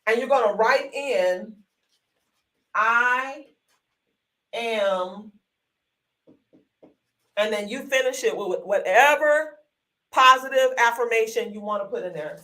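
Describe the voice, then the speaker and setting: A woman leads a live online workshop, her voice bright and forceful. She is folksy and encouraging, peppering her talk with y'all and calling viewers honey. She speaks into a desk microphone. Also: mid-range voice, far from the mic, rough recording. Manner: chatty, encouraging, calls viewers honey and sugar; folksy, uses y'all often. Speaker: workshop host.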